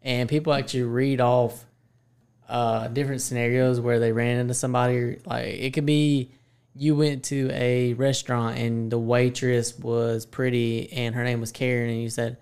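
A man's voice: medium pitch, normal speed, clean tone. A man, hosting a podcast in casual chat, joking and teasing as he tells stories. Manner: joking, teasing, animated storyteller. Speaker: podcast host.

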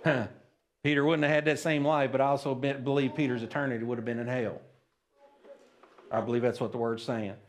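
A man's voice: medium pitch, little pitch movement, fairly quick, long pauses. A man preaching a sermon at a church service, plain-spoken and folksy, often checking in with the congregation. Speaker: pastor.

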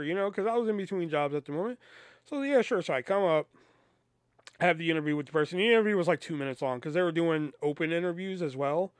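A man's voice: fairly high pitch, animated, a little fast, long pauses, no echo. A man hosting a podcast, telling a casual, rambling story, with lots of swearing and quoted voices acted out. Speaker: podcast host.

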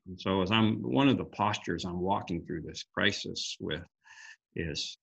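A man's voice: low-pitched, a little slow, gravelly, a bit bright, husky. A man giving an earnest, reflective devotional talk on a group call, quoting scripture with frequent restarts. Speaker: guest speaker sharing a devotional.

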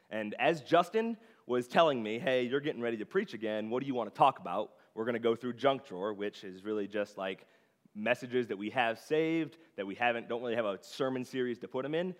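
A young male preacher talks to the congregation in a loose, chatty way, scattering filler words as he goes. His mid-pitched voice rings out with a long reverb tail through the sanctuary. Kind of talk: conversational sermon. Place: church sanctuary.

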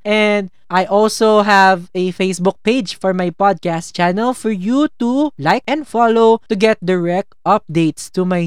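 A Filipino-accented podcast host talks casually into a close mic, playful and chatty, now and then jumping up into excited greetings. The voice is smooth and clean. The room adds no echo, so the sound is dry and intimate. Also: medium pitch. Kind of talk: casual solo podcast monologue.

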